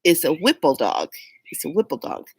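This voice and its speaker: Low-voiced woman telling a story. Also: normal speed, slightly rough, no echo, rough recording. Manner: animated, laughing often, acts out quotes. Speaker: vlogger. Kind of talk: casual storytelling vlog.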